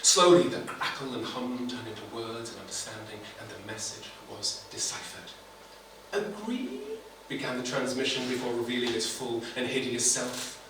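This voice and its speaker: A man's voice: mid-range voice, fairly even intonation, normal speed, few pauses. A man performing comic spoken-word poetry at a poetry slam, with a dramatic, wry, theatrical delivery, recorded far off in a noisy, echoey live venue. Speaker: slam poet.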